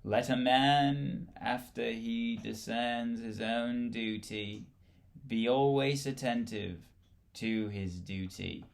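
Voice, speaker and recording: A solemn reciter of ancient sayings, as a man puts on an accent for the quotes. The words come out slow, loud and weighty, with a gravelly fry under them. It sounds like a plain speaker leaning into a grave, theatrical delivery. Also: medium pitch, steady tone.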